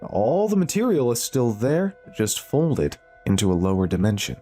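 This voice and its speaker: A man voicing an excited, proud engineer explaining his plan. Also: mid-range voice, moderate pace, faint music behind, voice pushed up. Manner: excited, eager.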